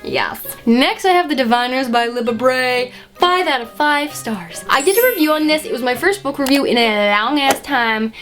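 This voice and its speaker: A woman's voice: high-pitched, moderate pace, few pauses, a bit bright, faint music behind. A woman chatting casually about books in a review vlog, slangy and playful, with lots of "like" fillers. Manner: chatty and slangy, with frequent likes and playful asides. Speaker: book vlogger. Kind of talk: casual book review chat.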